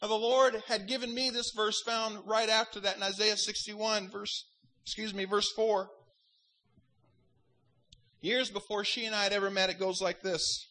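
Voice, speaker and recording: A man's voice: high voice, steady tone, brisk, bright, forceful tone, low-quality recording. A man pastor preaching a sermon, fervent in delivery and breaking into wry joking asides.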